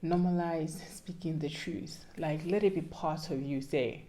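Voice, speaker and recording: A woman's voice: low-pitched, fairly even intonation, a little slow, mellow. A young Ghanaian woman vlogging casual advice in a playful, pleading way that sometimes sounds like a sermon.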